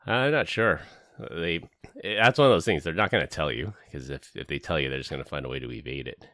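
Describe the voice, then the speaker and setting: A man's voice: a bass voice, a little fast, no room sound, studio quality. A middle-aged man hosting a casual tech podcast, telling stories with energy and acting out the people he quotes. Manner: animated storytelling, acts out quoted people. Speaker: podcast host.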